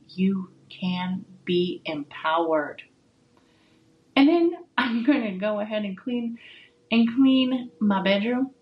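A young adult woman hosting a casual solo podcast from home, blunt, swearing freely and talking in an animated, chatty way. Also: on the high side, highs cut off, a little hiss or hum. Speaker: podcast host. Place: home with dogs.

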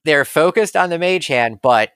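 A man's voice: a little high, expressive, moderate pace, a bit bright, clear, resonant tone, no echo, clean studio sound. A man acting as game master for a tabletop game, explaining rules in a casual, laid-back way.

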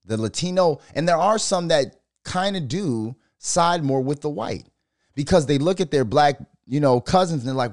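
A man's voice: on the high side, animated, normal speed, darkish tone, dry recording, clean studio sound. A man giving heated, profane podcast commentary and firing off rhetorical questions. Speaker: podcast host.

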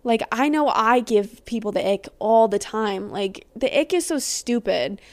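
A woman's voice: fairly high pitch, expressive, unhurried, a little mellow. A young woman hosting a podcast in casual, rambling chat, giggly and freely swearing. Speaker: podcast host.

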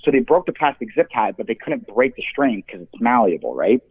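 Young male caller, animated storyteller who swears freely, tinny phone-line sound. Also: medium pitch, fairly quick, slightly rough. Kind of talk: casual storytelling on a call-in show.

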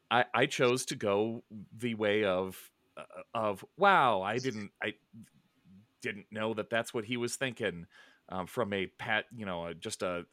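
A middle-aged man chatting casually, rambling with many restarts and soft chuckles. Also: on the low side, dry recording. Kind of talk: casual chat.

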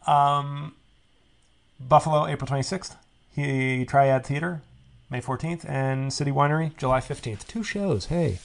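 Sardonic rambling comedian man. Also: fairly high pitch. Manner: rambling, sardonic, self-deprecating. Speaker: podcast host and comedian. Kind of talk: casual solo podcast monologue.

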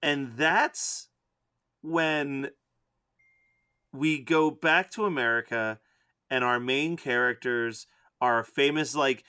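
A man co-hosting a casual podcast about a movie, animated and laughing often, slipping into put-on accents. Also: medium pitch, slow, pauses often, clear, resonant tone, no room sound, studio quality. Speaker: podcast co-host. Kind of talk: casual movie review chat.

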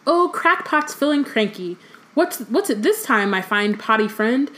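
A woman's voice: fairly high pitch, expressive, unhurried, a bit bright. A woman reading aloud as a male poltergeist who taunts in a sing-song way. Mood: taunting. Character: gleeful mocking poltergeist, male, cackling.

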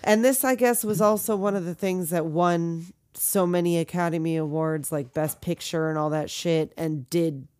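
A woman co-hosting a casual movie recap podcast, talking fast and loose, swearing and jumping into quick voices for the characters. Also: lowish voice, steady tone, darkish tone, dry recording. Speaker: podcast co-host.

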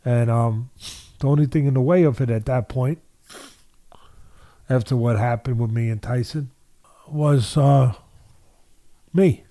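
A man's voice: mid-range voice, unhurried, long pauses, mellow, dry recording. An older man, a boxing trainer, telling a story in an interview with emphatic repetition and quoted voices.

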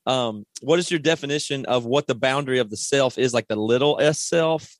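A man's voice: medium pitch, fairly quick, dry recording. A man hosting a podcast, musing aloud with enthusiasm as he frames questions. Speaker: podcast host. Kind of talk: conversational interview.

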